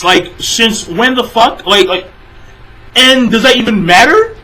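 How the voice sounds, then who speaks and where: Young man, high bright voice, casual ranting review, profane, exasperated, lots of fillers. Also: lively intonation, unhurried, poor audio. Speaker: manga reviewer.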